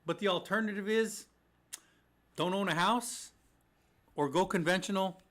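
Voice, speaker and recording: A man with a high-pitched voice co-hosts a casual mortgage show. He answers listener questions with jokes and puts on mock voices for the lenders. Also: a little slow, a bit bright. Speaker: mortgage podcast co-host.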